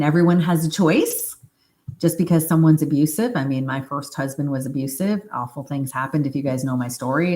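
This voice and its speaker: A woman with a low voice tells a story on a live stream. She chats informally, with fillers and side remarks, and reads out comments from viewers between her stories. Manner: animated retelling, acts out quoted speech in a higher voice; chatty and informal, with fillers and asides. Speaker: hypnosis practitioner.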